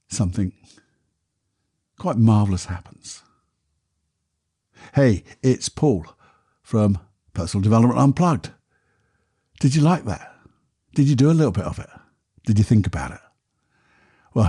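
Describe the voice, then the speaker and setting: A man, a podcast host and therapist, talking a listener calmly through a guided exercise in a soft, unhurried voice. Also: on the low side, husky. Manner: calm, soft, unhurried guiding voice.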